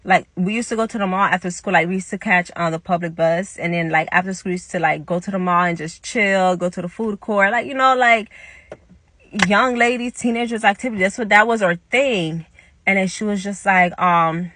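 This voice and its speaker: A young woman tells a story in a casual monologue. She talks in an animated way, acts out the quoted lines and swears now and then. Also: mid-range voice, fairly quick, no echo. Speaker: vlogger telling a story.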